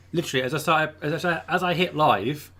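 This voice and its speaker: A man's voice: fairly high pitch, normal speed, pushed and bright. A man hosting a live stream, chatting casually from home and rambling with lots of ums and uhs. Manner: rambling, filler-heavy, chatty. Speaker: livestream host. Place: room at home.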